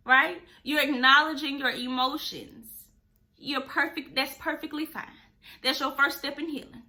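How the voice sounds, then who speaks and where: A woman's voice: sits high, sharp tone. A woman hosting a podcast, giving emphatic, preachy advice straight to her listeners. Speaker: podcast host. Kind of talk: casual advice talk.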